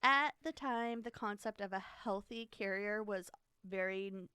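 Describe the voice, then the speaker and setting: A woman's voice: medium pitch, unhurried, bright, forceful tone, clear, resonant tone, dry recording, studio quality. A woman hosting a podcast, telling a story in a casual, rambling way, with many fillers and giggles.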